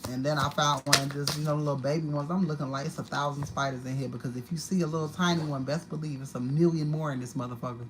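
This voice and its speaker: A woman's voice: low-pitched, fairly even intonation, fast, hardly any pauses, background noise. A woman giving a live-streamed tarot card reading at home, talking in a blunt, profane and repetitive way. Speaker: tarot reader. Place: home apartment.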